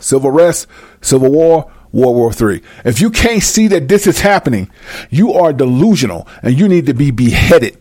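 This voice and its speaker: A man's voice: medium pitch, big pitch swings, moderate pace, a little mellow, dry recording, studio quality. A man delivering a heated, profane monologue rant, speaking emphatically to his viewers.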